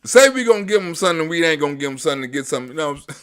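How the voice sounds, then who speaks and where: A man hosting a comedic reaction show, talking loud and profane, mocking and laughing often. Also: a little high, lively intonation, racing, smooth. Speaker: host.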